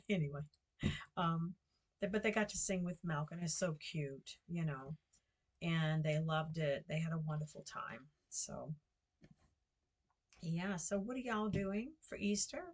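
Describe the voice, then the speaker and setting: An older American woman talks in a slow, unhurried drawl with a lowish voice. She rambles from one thing to the next at home, full of ums and self-corrections, like a casual vlog chat. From United States. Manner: chatty, meandering, self-correcting with many fillers. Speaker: vlogger and guesthouse host.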